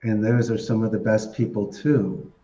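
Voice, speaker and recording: A man answering podcast questions in a chatty, animated way, laughing often as he tells stories. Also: lowish voice, normal speed. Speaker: podcast guest. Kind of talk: casual interview answers. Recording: roomy, dull lo-fi podcast audio.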